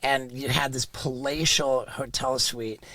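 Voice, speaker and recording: A man's voice: mid-range voice, steady tone, measured pace, pushed and bright, no room sound, poor audio. A man co-hosting a podcast, casually recalling an old memory with loose fillers. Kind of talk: casual conversation.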